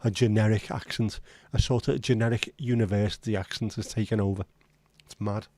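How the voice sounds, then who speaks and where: A man's voice: fairly low pitch, fairly even intonation, a little fast, a little mellow, no room sound. A man hosting a casual livestream chat, rambling and reading out viewer comments. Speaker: livestream host.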